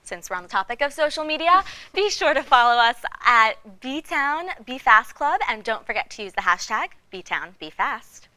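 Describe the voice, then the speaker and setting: Young female host, bright and lively, giggly, upbeat. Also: fairly high pitch, normal speed, hardly any pauses, no echo. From New York. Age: young adult. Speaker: student TV host. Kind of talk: casual interview hosting.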